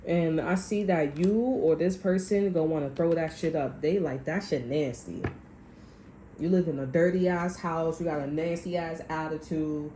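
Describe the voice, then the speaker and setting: A woman with a low, mellow voice gives a casual tarot reading, blunt and full of profanity as she talks straight at her viewers. The sound bounces around a roomy space, with faint ambient noise behind her. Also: fairly even intonation, moderate pace, few pauses. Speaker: tarot reader. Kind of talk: casual spiritual reading monologue.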